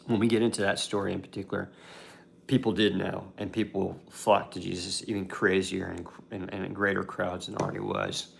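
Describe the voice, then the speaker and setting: A man's voice: sits low, level tone, brisk, gravelly, a little hiss or hum. A man casually retelling a Bible story as a devotional host, talking conversationally with fillers and restarts.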